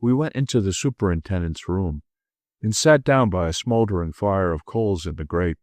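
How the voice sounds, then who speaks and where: Low voiced guy reading a detective audiobook, steady pace, dry close mic. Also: normal speed, dry recording. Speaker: audiobook narrator. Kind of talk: first-person audiobook narration.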